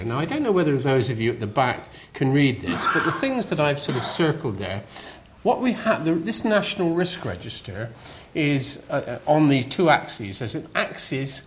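Older West Country man lecturing. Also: a little high. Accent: West Country English. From West Country of England. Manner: chatty, self-deprecating, many fillers and restarts. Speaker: guest lecturer. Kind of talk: public lecture. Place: lecture hall.

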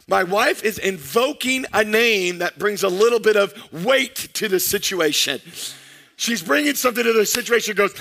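A man's voice: high-pitched, animated, normal speed, vocal fry, sharp tone. A man in his thirties, a pastor preaching a sermon with energy and calling out to his congregation.

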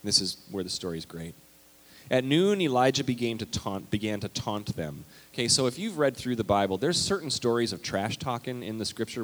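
A male pastor preaching a sermon, animated and emphatic, reading scripture aloud with big swings in loudness. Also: fairly low pitch. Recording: long hall reverb.

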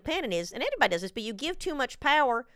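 A woman in a casual chat, blunt and animated, swearing freely and acting out what others said. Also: high-pitched, racing, clear, resonant tone, no room sound, studio quality.

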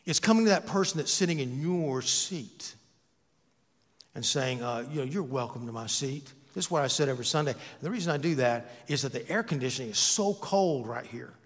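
In his own church, an animated pastor delivers a sermon fairly quickly, his voice a little high for a man. His manner is easy and conversational, full of jokes and self-deprecating asides, and each line rings with the sanctuary's long reverb.

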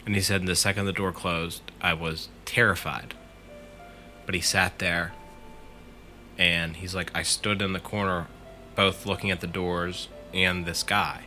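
A man with a deep, bright-edged voice retells a friend's creepy encounter in the first person. He talks casually and swears freely. Faint music plays underneath. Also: flat delivery, a little slow. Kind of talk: casual storytelling.

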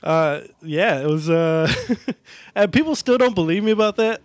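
A young man tells a rowdy story in casual chat, jumping into quoted voices as he goes. His voice sits a little high. The recording is dry and close. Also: measured pace, dry recording. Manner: animated, acts out quotes, swears a lot. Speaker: comedian telling a story on a podcast.

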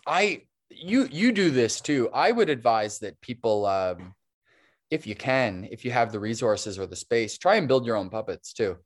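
A man chatting as a podcast guest in a loose, rambling way. He often restarts his sentences and laughs easily. His voice sits at an ordinary pitch. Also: big pitch swings, normal speed. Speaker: guest, stop-motion animator. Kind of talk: casual podcast interview.

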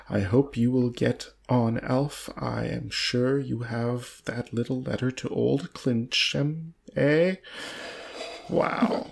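Gravelly man stumbling through a book, amused. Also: mid-range voice. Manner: stumbling, amused, laughs at the text. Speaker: reader. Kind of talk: reading a book aloud with banter.

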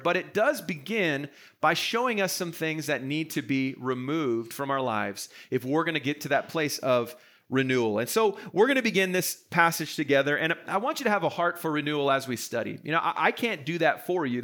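A man's voice: fairly high pitch, expressive, fairly quick, a bit bright. A man who is a pastor, preaching an earnest, encouraging sermon to a live-streamed congregation in a conversational way. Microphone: streamed sermon to an online audience.

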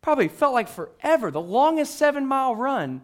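A man's voice: very high-pitched, fairly quick. A man preaching a sermon in a conversational way, with frequent restarts and fillers. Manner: acts out the disciples' excited questions. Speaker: pastor.

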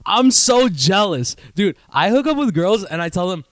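A man's voice: big pitch swings, normal speed, dry recording, clean studio sound. Profane rambling young man on a podcast. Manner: profane, rambling, self-mocking, does mocking high voices. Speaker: podcast host. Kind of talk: casual solo podcast rant.

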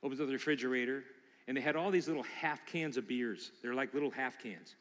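A middle-aged man preaching as a pastor, telling personal stories in an animated way and acting out the voices in his anecdotes. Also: medium pitch, brisk. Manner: animated, acts out quotes in character voices. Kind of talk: sermon with personal storytelling. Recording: long reverb of a large hall.

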